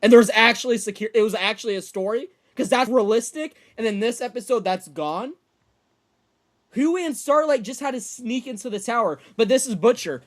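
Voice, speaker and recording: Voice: medium pitch, brisk. A podcast co-host in casual chat, reacting with disbelief and laughing often.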